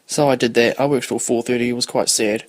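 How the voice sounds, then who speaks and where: A man's voice: mid-range voice, fairly even intonation, fast talker, no echo. Rambling young man, dry close sound. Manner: rambling, swears freely, loses his thread. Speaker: podcast host. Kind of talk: casual rambling chat.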